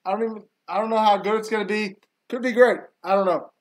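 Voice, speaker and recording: High-pitched guy doing casual live stream commentary, opinionated, griping a lot. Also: fairly even intonation, fast. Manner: opinionated, griping about the booking.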